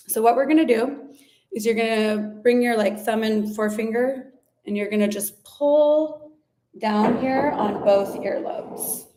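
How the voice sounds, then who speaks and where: A woman leading a guided ear-massage and breathing practice, speaking gently and unhurriedly, with a few fillers and restarts. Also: a little high. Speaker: somatic practice instructor. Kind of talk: guided body practice instruction.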